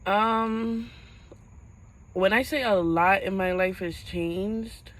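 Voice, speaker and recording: A young woman vlogging to camera, telling a painful personal story in a halting voice as she fights back tears. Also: medium pitch, a bit bright, poor audio.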